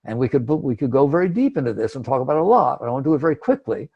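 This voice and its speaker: A man's voice: mid-range voice, expressive, rapid-fire, husky, muffled recording. A man giving a conversational spiritual talk, emphatic and acting out inner thoughts. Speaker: spiritual teacher.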